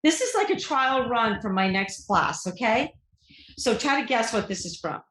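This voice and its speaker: A woman from Vermont co-hosting a podcast, playful and quick to laugh. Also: fairly high pitch, expressive, a bit bright. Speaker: podcast co-host. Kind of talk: casual podcast banter and guest introduction. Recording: echoey room.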